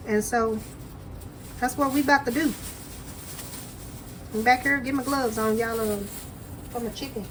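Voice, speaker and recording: A woman's voice: a little high, steady tone, unhurried, pauses often, slight background noise, poor audio. A woman chatting folksily to viewers while she prepares food in her home kitchen. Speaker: home cooking vlogger. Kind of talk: casual cooking chat to camera.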